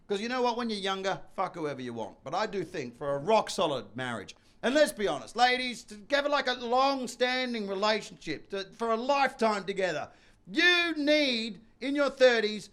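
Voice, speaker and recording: Loud, profane high-voiced male comedian. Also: big pitch swings, moderate pace. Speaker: stand-up comedian. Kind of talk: stand-up comedy set.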